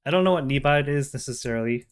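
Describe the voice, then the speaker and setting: A man hosting a casual reaction video, explaining slowly with plenty of fillers into a desk microphone. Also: medium pitch, clear, resonant tone.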